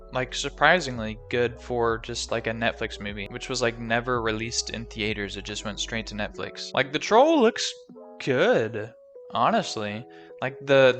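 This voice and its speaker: A man's voice: mid-range voice, a bit bright. A young man casually recapping a movie, rambling and joking with lots of fillers.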